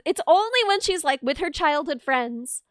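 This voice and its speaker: Woman stream host from the Midwest, animated and chatty, dry close mic. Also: sits high, no echo. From American Midwest. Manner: lively, quick to react and laugh. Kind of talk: casual chat.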